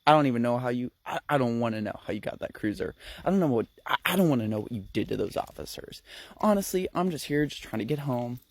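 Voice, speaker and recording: A man voicing a nervous young man who talks in a rushed, stammering way. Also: mid-range voice, lively intonation, gravelly, dry recording. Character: nervous young man, smoker, eager to get home.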